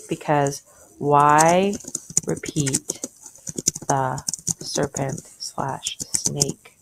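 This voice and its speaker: A woman's voice: deep voice, vocal fry. A woman teacher walking through a short story in a conversational way, thinking aloud and asking questions as she annotates.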